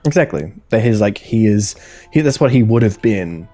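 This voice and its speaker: A man's voice: fairly low pitch, lively intonation, moderate pace, dark tone, faint music behind. A man co-hosting a casual podcast chat, blunt and wry, laughing often. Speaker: podcast co-host.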